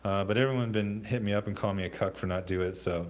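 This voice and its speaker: A man hosting a casual livestream, reading out chat comments in a rambling, halting way with many fillers and restarts. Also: on the low side, steady tone.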